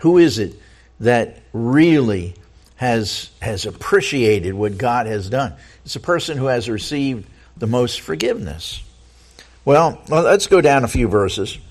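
A man's voice: mid-range voice, expressive, measured pace. A man preaching a sermon, reading scripture aloud and asking the listeners earnest rhetorical questions, often stumbling and repeating words as he goes.

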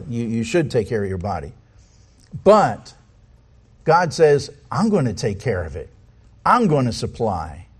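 Animated man preaching a sermon. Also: a little high. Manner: asks the congregation many rhetorical questions; reads scripture aloud.

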